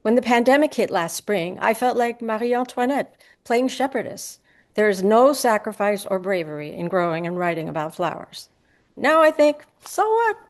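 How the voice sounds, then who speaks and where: A woman reading a personal essay aloud at a live event, crisp and brisk, brightening when she quotes people. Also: mid-range voice. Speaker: essay reader.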